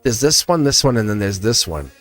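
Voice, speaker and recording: A man hosting a live-streamed tarot reading. He talks straight to his viewers in an animated, chatty way and laughs often. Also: on the low side, fairly quick.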